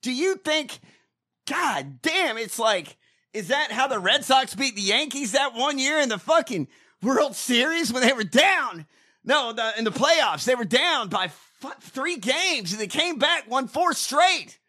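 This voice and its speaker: High, bright-voiced man ranting. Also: big pitch swings, unhurried. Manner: profane, fired-up ranting. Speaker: podcast host. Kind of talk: casual ranting chat.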